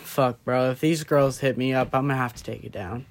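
A tipsy young man talks in a loose, rambling way, losing his thread and circling back. His voice sits at an ordinary middle pitch for a man. It sounds like casual late-night chat. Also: fairly even intonation, fairly quick, gravelly, slight background noise. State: drunk.

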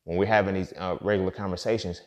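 A man's voice: low voice, fairly even intonation, quick pace, a little mellow. A man talking in a casual, profane, preachy monologue, full of fillers and asides as he hosts his podcast. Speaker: podcast host.

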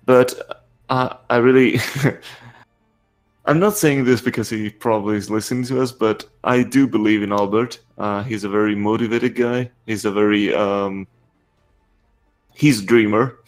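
A man co-hosting a podcast, speaking in a slow, hesitant, thoughtful way. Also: lowish voice, fairly even intonation, faint music behind. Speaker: podcast co-host. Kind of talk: casual chat.

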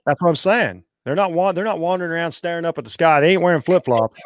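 A man co-hosting a podcast in casual chat, rambling and animated, swearing now and then. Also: a little high, fast talker, dry recording, clean studio sound. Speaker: podcast co-host.

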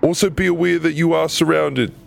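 A man's voice: a little high, fairly even intonation, brisk, creaky, voice pushed up. A man voicing a brash, scheming male adventurer who talks in a cocky, dismissive way.

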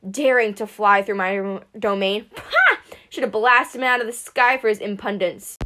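A woman's voice: mid-range voice, sing-song, moderate pace, a bit bright. A woman reading aloud, voicing a stern, proud male god who speaks menacingly and grumbles. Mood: grumbling.

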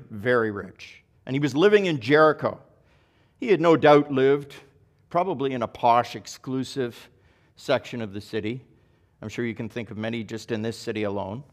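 A male pastor giving a sermon in a relaxed, conversational way, now and then correcting himself. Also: medium pitch. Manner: conversational, self-correcting, occasional chuckle.

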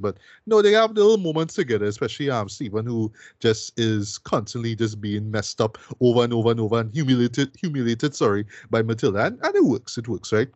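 A man's voice: medium pitch, expressive, brisk, hardly any pauses, a little mellow, no echo, lo-fi sound. A man casually reviewing a film, rambling with repeated words and fillers and tacking "boy" and "right?" onto his sentences. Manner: peppers speech with "boy" and "right?". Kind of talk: casual podcast chat.

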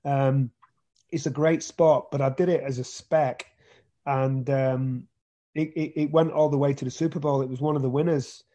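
In a relaxed interview about his acting work, this British man keeps restarting and repeating himself. He speaks at a moderate pace in a warm, mid-range voice with fairly even intonation.

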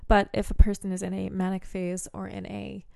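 A woman's voice: medium pitch, completely flat delivery, fairly quick, vocal fry, dark tone, dry recording, studio quality. A woman in casual chat who rambles through explanations, correcting herself as she goes.

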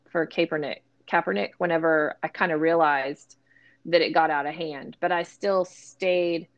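Lower-pitched woman thinking aloud on a podcast. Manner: thoughtful, self-searching, quick asides. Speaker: podcast co-host. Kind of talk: casual conversational podcast.

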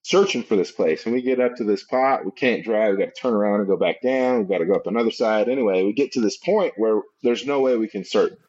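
A man's voice: lowish voice, fast, hardly any pauses, a little mellow. A man chatting casually as co-host, laughing easily and telling a travel story. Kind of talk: casual chat. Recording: dull lo-fi sound.

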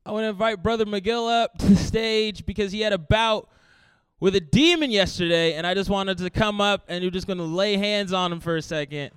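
A man's voice: sits high, brisk, a bit bright, clear, resonant tone, dry recording. A man voicing an earnest church pastor calling someone up to the stage, in a voice close to his own.

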